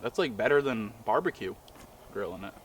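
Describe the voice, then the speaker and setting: A man's voice: on the low side, animated, brisk, fairly bright tone, slight background noise. A man, a friend of the host, chatting easily and joking outdoors on a frozen lake in winter while eating. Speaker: friend and guest. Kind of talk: casual chat while eating.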